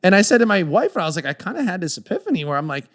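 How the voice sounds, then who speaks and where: Animated storytelling man, slightly high voice. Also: very fast. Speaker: podcaster. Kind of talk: casual chat.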